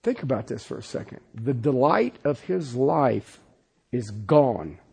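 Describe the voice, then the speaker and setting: A man preaching a sermon as pastor, swinging from loud insistence to hushed, pleading passages. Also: mid-range voice, lively intonation, a little slow, gravelly, breathy edge.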